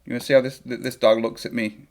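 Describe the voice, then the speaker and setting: A man's voice: mid-range voice, level tone, fast talker, darkish tone. A young man chatting casually and joking while he reacts live to a football match on a home stream. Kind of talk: live match watchalong chat.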